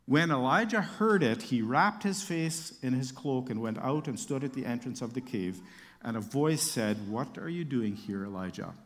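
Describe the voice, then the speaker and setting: A man's voice: a little high, fairly bright tone, in a large hall. A man preaching a sermon, reading Bible verses aloud and explaining them with casual asides and light humor.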